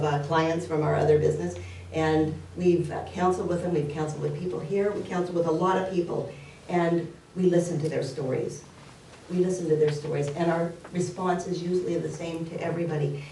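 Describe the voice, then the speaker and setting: A woman's voice: on the low side, darkish tone, a little hiss or hum. A woman giving a spiritual talk, telling stories earnestly and repeating key phrases. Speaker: spiritual speaker. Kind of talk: sermon. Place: church hall. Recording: roomy hall, mic at a distance.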